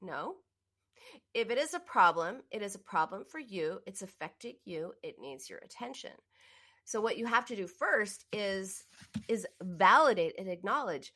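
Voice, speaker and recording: A woman's voice: big pitch swings, moderate pace, bright, forceful tone. A woman coaching listeners on binge eating in an earnest, emphatic self-help talk, addressing them directly. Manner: earnest and emphatic, often rising in pitch for emphasis; speaks directly to the listener in second person.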